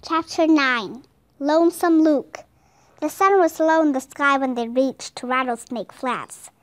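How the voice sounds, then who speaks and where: A woman reading a children's audiobook aloud in a slow, careful way. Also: high-pitched, dry recording. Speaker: audiobook reader.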